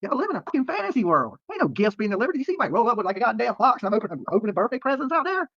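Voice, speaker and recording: A man's voice: very high voice, big pitch swings, very fast, a bit bright, no room sound, lo-fi sound. A man streaming live from a roadside near a protest, talking to viewers in a profane, rambling and defensive way, often tacking on "okay?". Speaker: livestreamer. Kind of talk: livestream rant to viewers.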